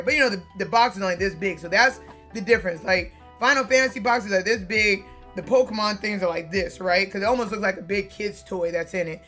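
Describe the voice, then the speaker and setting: A woman vlogger chatting to her viewers in a loose, animated storytelling mode, swearing freely and leaning on fillers. Her voice is bright and edgy, with a mid pitch. Soft music runs faintly behind her. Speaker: card-collecting vlogger. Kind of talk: casual storytelling to camera.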